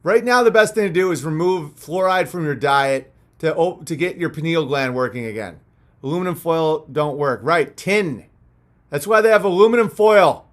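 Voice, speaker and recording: A young man with a notably high-pitched voice hosts a livestream. He rambles and rants, swearing freely and mocking the people he talks about. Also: animated, moderate pace. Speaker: livestream host. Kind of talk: ranting livestream monologue.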